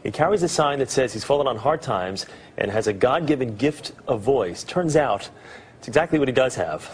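A man's voice: medium pitch, expressive, moderate pace, a little hiss or hum. A man anchoring a morning TV news show, introducing a story in a polished way.

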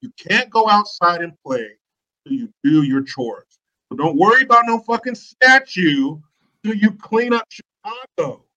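Bright-voiced man ranting on a podcast. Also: high voice, animated, a little slow, lo-fi sound. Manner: profane, ranting, mocking. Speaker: podcast guest, online commentator. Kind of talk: casual podcast chat.

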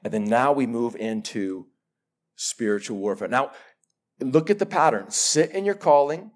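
Male pastor, fairly high voice, insistent live sermon delivery with heavy repetition. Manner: emphatic, repetitive preaching.

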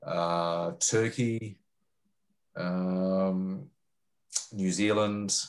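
A middle-aged Australian journalist answering interview questions, hesitant, with many fillers and restarts. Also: male voice, sits low, fairly even intonation, very slow. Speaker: journalist and foreign correspondent.

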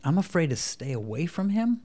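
A man as a podcast guest, talking through his ideas in an animated way and acting out the voices of kids and a dad. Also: a little high, a little fast. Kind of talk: conversational interview, explaining parenting.

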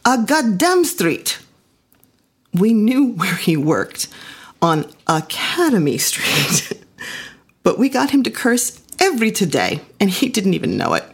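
A woman's voice: medium pitch, very animated, measured pace, vocal fry, husky. A woman giving a reflective first-person storytelling performance with an intimate, personal delivery.

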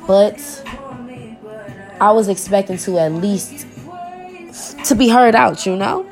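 A woman's voice: mid-range voice, takes it slowly, a little mellow, faint music behind. A young woman, talking to her viewers in a personal vlog, heartfelt and informal, often repeating herself as she searches for words, close to tears at times.

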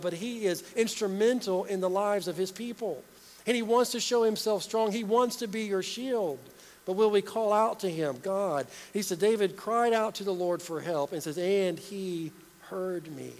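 A man with a high voice preaches a sermon in earnest. He asks his listeners questions and keeps repeating key phrases. His voice trails into a long hall reverb.

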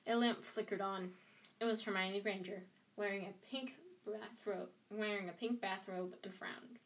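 A woman's voice: mid-range voice, steady tone, normal speed. A woman reads a novel aloud, often stumbling and restarting phrases. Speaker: reader.

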